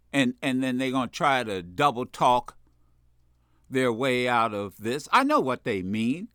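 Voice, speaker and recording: A man hosting a talk radio show, giving impassioned political commentary in a preachy way, repeating phrases and building to shouts. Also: medium pitch, no room sound, clean studio sound.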